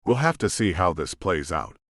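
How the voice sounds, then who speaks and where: A man reads a romance audiobook in first person, expressive and storytelling. His voice sits low with a lively, varied pitch. The recording is close and dry. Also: normal speed, dry recording. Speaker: audiobook narrator. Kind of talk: scripted narration.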